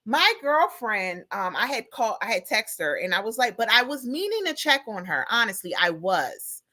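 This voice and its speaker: A woman's voice: on the high side, moderate pace. A middle-aged woman co-hosting a podcast in casual chat, telling stories and acting out the people she talks about. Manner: animated storytelling, acts out callers. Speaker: podcast co-host.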